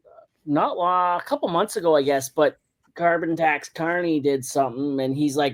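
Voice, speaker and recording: A man's voice: fairly high pitch, steady tone, unhurried. A man as a podcast guest, chatting in a laid-back, profane, rambling way. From Canada. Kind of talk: casual podcast chat.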